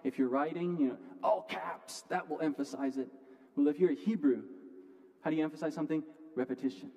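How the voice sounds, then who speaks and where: A man preaching a sermon from the pulpit, earnest, often restarting words and moving between loud and quiet passages. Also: on the high side, brisk. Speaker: pastor. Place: church sanctuary. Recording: long hall reverb.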